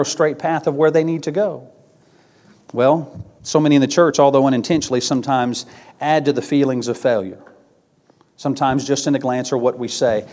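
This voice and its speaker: Male preacher, slightly higher pitch, earnest sermon delivery with emphatic build-ups. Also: a little mellow. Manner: earnest, with rising emphatic peaks and repeated phrases.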